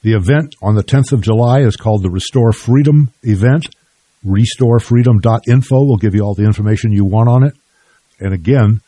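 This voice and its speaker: Older man with a dark husky voice. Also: on the low side, no echo. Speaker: radio host. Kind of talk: radio interview.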